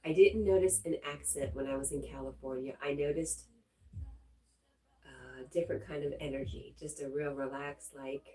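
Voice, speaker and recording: A woman hosting a casual livestream, greeting viewers and reading their chat comments aloud in a relaxed, chatty way. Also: deep voice, normal speed, poor audio.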